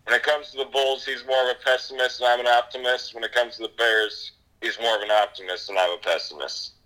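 A man's voice: mid-range voice, fairly even intonation, fast talker, bright, forceful tone, poor audio. A man co-hosting a podcast in casual chat, with a wry, dry sense of humor. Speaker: podcast co-host.

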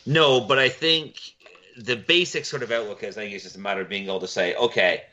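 A man's voice: on the low side, steady tone, a little fast, bright, forceful tone, lo-fi sound. A man co-hosting a podcast in casual chat, rambling with fillers and laughing often. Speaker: podcast co-host.

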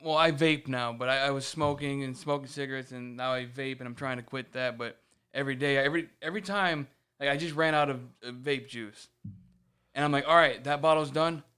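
A man's voice: medium pitch, a little fast, smooth. A man telling a story in casual chat, swearing often and acting out what others said. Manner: animated storytelling, swears often, acts out quotes. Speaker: podcast co-host.

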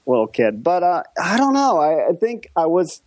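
A man's voice: fairly high pitch, wildly swooping pitch, moderate pace, a little mellow, no room sound. A man guesting on a casual political podcast, hesitant and wry, often trailing off.

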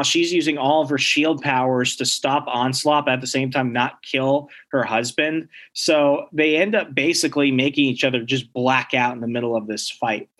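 A man's voice: medium pitch, fairly bright tone. A man casually recapping a comic book story, acting out the characters' lines as he goes. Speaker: comic book podcast co-host.

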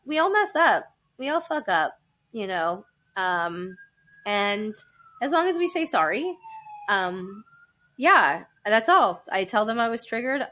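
A woman in her thirties, a podcast guest, speaking frankly and with animation and quick laughs. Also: on the high side, bright, forceful tone. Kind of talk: candid conversational storytelling.

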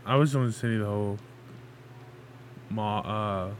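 A man's voice: on the low side, moderate pace, slight background noise. A young man co-hosting a gaming podcast, joking goofily at his own expense. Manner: goofy, self-mocking. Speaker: podcast co-host. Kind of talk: casual banter.

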